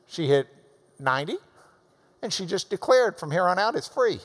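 A man preaching with a high, lively voice that leaps up and down in pitch. He delivers the sermon emphatically, swinging from loud urging to hushed asides. His voice rings with the long reverb of a big church hall. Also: moderate pace.

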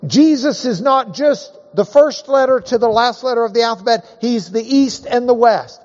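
A man's voice: extremely high pitch, moderate pace. A man teaching a Bible class in a folksy, joking way, leaning hard on key words. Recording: dull, echoey hall recording.

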